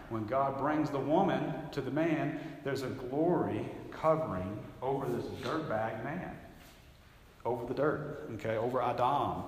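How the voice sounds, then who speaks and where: A man's voice: mid-range voice, a little hiss or hum. A man teaching a Bible class from a handout, conversational and emphatic, often doubling back mid-sentence. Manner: conversational, emphatic, rambling with restarts. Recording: echoey hall, faint ambience.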